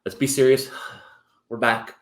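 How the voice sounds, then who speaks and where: A middle-aged man hosting a show, joking and animated in casual banter. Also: medium pitch, a little slow. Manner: animated and joking, prone to whoops. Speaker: show host. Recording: roomy echo.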